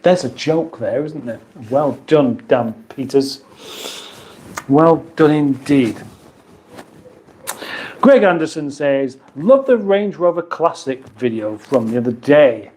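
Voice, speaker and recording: A man's voice: fairly high pitch, big pitch swings, slow, warm tone, slight background noise. Englishman bantering dryly on a live stream. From England. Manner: dry, playful banter with chat. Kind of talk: casual live-stream chat reading comments. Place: home kitchen.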